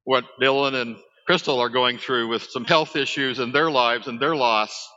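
A man's voice: mid-range voice, steady tone, moderate pace, sharp tone, big-room sound, muffled recording. A man, preaching a sermon as a pastor, talking conversationally with asides to his congregation.

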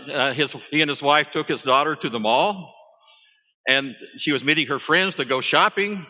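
A man's voice: mid-range voice, pushed and bright, big-room sound, lo-fi sound. A man, preaching a sermon as a pastor, talking conversationally with asides to his congregation.

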